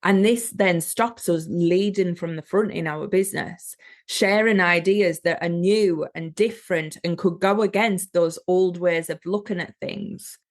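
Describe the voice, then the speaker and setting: A woman's voice: lowish voice, steady tone, unhurried. A woman hosting a solo podcast, speaking earnestly and motivationally to her listeners as a business coach.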